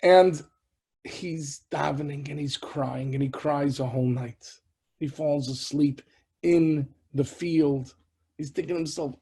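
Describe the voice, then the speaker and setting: Gravelly-voiced rabbi telling a story dramatically. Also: male voice, a little high, fairly even intonation, measured pace. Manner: dramatic swings from loud cries to whispers; Yiddish and Hebrew words sprinkled in. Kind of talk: emotional storytelling sermon.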